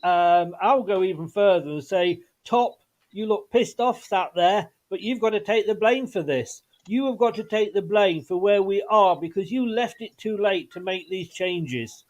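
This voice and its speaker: A man's voice: high voice, normal speed. A man hosting a casual football fan chat, wry and frustrated. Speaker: fan channel host.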